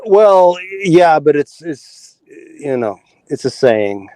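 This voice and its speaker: Agreeable male co-host, slightly raised pitch, dry close recording. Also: sing-song, takes it slowly, mellow, no room sound. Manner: agreeable, chatty. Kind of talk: casual chat.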